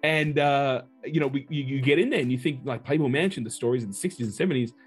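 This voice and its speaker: A man guesting on a podcast drifts through a long personal anecdote in a loose, chatty way. His voice sits at an ordinary middle pitch. A faint bed of music plays under him. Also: fast talker, husky. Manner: chatty, digressive storyteller. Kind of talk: casual anecdotal storytelling.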